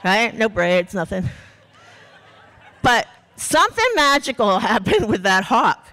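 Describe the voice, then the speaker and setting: Animated woman telling a comic true story. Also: medium pitch, measured pace. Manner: animated and comic, acting out her own story; swears casually. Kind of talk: live personal storytelling without notes.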